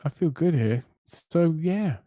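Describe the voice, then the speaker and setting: A man's voice: on the high side, lively intonation, measured pace, no room sound, dull audio. Hesitant, jokey man at the game table. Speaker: player. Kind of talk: tabletop role-play.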